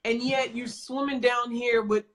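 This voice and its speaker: Woman, coach, blunt emphatic storyteller, bright tone, raised pitch. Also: steady tone, a little slow. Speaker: business coach. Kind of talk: casual podcast conversation.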